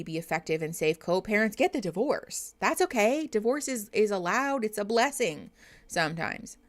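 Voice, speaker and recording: A woman's voice: medium pitch, fairly bright tone. A woman therapist hosting a live reaction stream, chatting casually with her viewers and laughing often. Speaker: therapist and livestream host.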